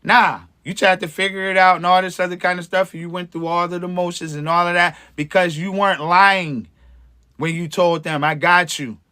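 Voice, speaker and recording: A man's voice: high voice, level tone, brisk, pushed and bright, smooth. A man, hosting a livestream as an empowerment coach, talking to viewers in a preachy, encouraging way with slang and frequent chuckles. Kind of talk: livestream motivational talk to viewers.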